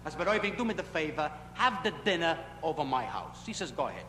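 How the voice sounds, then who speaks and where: A man doing a stand-up routine at a nightclub, telling punchy stories in a voice that jumps in pitch and loudness. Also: expressive, fast. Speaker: stand-up comedian. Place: nightclub stage. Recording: echoey club, scratchy 1960s film audio. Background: audience laughter.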